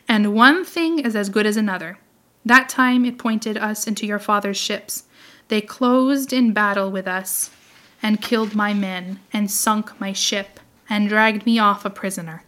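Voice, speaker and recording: A woman reads a first-person adventure tale aloud in a measured, expressive storytelling style. Her voice is bright and clear, sitting at a middle pitch. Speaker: audiobook reader. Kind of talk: scripted storybook narration.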